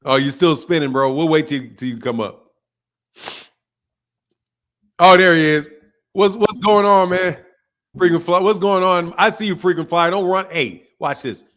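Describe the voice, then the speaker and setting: A man's voice: sits high, normal speed, long pauses, a bit bright. A man hosting a live boxing call-in show, blunt and profane, teasing his callers and laughing often. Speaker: boxing talk show host. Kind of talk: casual live call-in chat.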